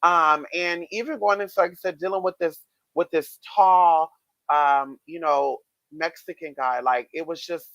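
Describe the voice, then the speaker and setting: A man vlogging, casually telling his viewers a story in a chatty, expressive way with frequent swearing. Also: on the high side, a little slow, dry recording, lo-fi sound. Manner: chatty, expressive, swears freely, many fillers.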